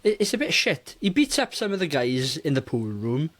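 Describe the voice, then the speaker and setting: A man co-hosting a casual movie review podcast, talking in an animated, rambling way and often interrupting himself. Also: on the high side, normal speed. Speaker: podcast co-host.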